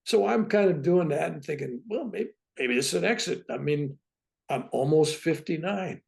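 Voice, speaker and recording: A very gravelly older man in his seventies tells his story as a talk-show guest. His pitch swoops up and down as he goes. He sits a little high for his age and keeps checking in with "right?". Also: normal speed. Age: 70s. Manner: lively, keeps tagging "right?" onto his points. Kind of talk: animated personal storytelling.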